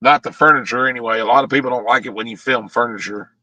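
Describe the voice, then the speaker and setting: A man's voice: mid-range voice, fairly even intonation, quick pace, pushed and bright, no room sound, muffled recording. A man streaming live, chatting casually in a rambling, sarcastic way.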